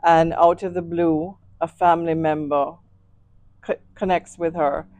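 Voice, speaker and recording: Jamaican lady talking slow and thoughtful, deep voice, dry close sound. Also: fairly even intonation, darkish tone, no room sound. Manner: measured, reflective storyteller. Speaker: author guest. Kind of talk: interview conversation.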